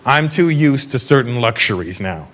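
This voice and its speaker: Animated male stand-up comic. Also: medium pitch, normal speed. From North America. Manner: conversational, animated storytelling with asides. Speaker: stand-up comedian. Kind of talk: stand-up comedy routine. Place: theater stage before a live audience. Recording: live recording with loud crowd and room noise.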